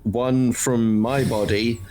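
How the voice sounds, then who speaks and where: A British man playing a tabletop game, playful and laughing often, over loud background noise. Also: medium pitch, steady tone, slow. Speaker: player.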